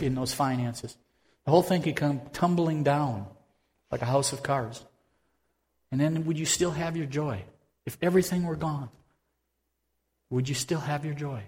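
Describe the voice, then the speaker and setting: A man preaching a conversational sermon as pastor, swinging from loud bursts to hushed tones. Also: fairly high pitch, long reverb tail.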